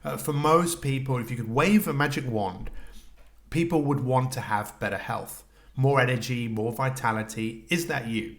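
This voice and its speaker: A man's voice: medium pitch, moderate pace. A middle-aged man hosting a solo coaching podcast, talking reflectively, asking the listener questions and restarting his sentences.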